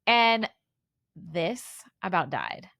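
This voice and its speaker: A woman's voice: lowish voice, big pitch swings, drawn-out words, creaky, no room sound, highs cut off. Chatty woman in her forties, dry sound. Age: 40s. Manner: chatty, shares trivia with many fillers and restarts. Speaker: podcast co-host. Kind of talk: casual chat.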